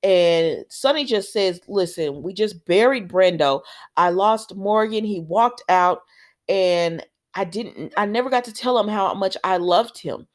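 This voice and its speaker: A woman's voice: mid-range voice, unhurried. A woman casually recapping a soap opera, retelling scenes in quoted dialogue with chatty asides. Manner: laughs and exclaims at the characters.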